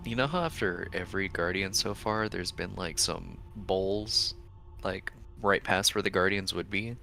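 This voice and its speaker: Low gravelly man playing a tabletop game. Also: measured pace, bright, forceful tone, soft background music. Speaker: player. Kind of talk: casual tabletop play.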